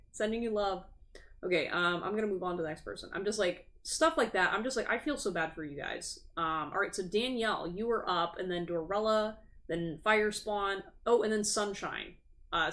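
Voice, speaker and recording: A woman's voice: fairly low pitch, a bit bright. A woman hosting a tarot livestream, chatting casually, frank and sympathetic, swearing freely. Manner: sympathetic and sassy. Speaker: tarot reader and livestream host. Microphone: streaming setup.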